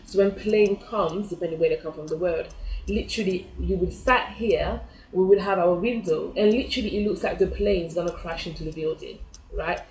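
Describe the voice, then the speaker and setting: A woman's voice: fairly low pitch, moderate pace, a little mellow. Chatty woman from France, echoey room. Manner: chatty, acts out her own reactions in quoted asides. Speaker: vlogger. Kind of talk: personal storytelling.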